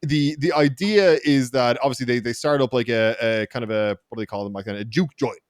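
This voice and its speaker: A man's voice: medium pitch, brisk, no room sound, clean studio sound. Irishman telling a rambling, sweary story. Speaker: podcast guest. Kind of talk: casual podcast chat. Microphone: desk mic in front of a camera with a teleprompter.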